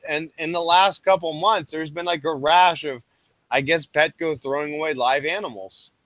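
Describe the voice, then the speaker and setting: A man with a bright, forceful voice pitched a little high chats casually as a stream host. He rambles through a story with many fillers and restarts. The sound is dry and close. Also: fairly even intonation, moderate pace, no echo.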